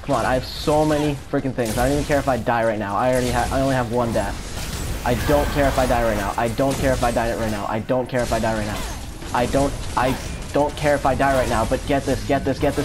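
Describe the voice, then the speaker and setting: Excitable gamer guy talking over his match, swears a lot, says stuff over and over, strong game music underneath. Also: mid-range voice, fairly quick. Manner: excitable, swears often, repeats phrases. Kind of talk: live gameplay commentary. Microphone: home setup without face cam.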